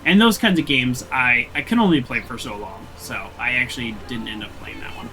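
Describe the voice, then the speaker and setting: A man's voice: mid-range voice, a little fast, bright, forceful tone, soft background music, poor audio. A young man streaming a video game, chatting casually and joking with mock indignation. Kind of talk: casual gameplay commentary.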